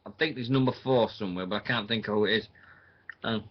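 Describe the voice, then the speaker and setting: A man's voice: fairly low pitch, quick pace, lo-fi sound. A man hosting a casual online radio show, rambling and thinking aloud with plenty of fillers.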